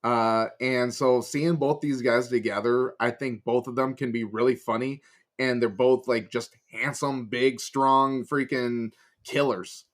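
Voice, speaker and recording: A man's voice: mid-range voice, steady tone, a little slow. A man with a Chicago accent, co-hosting a podcast, chatting casually and enthusiastically, often with hesitant starts. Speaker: podcast co-host. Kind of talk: casual chat.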